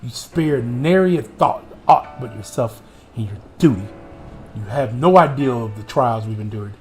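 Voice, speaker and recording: A man's voice: mid-range voice, expressive, moderate pace, a little mellow, soft background music. A man streaming a video game who reads the cutscene dialogue aloud in a theatrical way and jokes with his chat between lines. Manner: theatrical reading, playful asides to chat. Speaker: gaming streamer.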